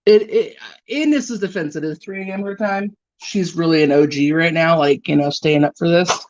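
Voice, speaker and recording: A sleepy woman hosts a livestream while doing her makeup, chatting casually with viewers, teasing them playfully and yawning often. Her voice is lowish and darkish in tone, at a moderate pace. The recording is dry, dull and lo-fi.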